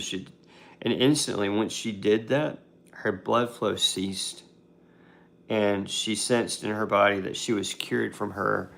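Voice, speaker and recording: A man's voice: fairly low pitch, vocal fry, a bit bright. A man casually retelling a Bible story as a devotional host, talking conversationally with fillers and restarts.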